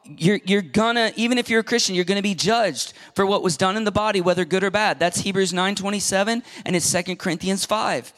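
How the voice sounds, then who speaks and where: A middle-aged man preaching a sermon as pastor, emphatic and animated, acting out quoted voices and dropping at times to a whisper. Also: high-pitched, a little fast, few pauses.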